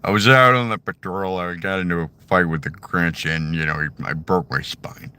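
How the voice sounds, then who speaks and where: A man's voice: sits low, normal speed, sharp tone, clean tone. A man voicing a blunt, irritable cartoon police officer who uses a wheelchair.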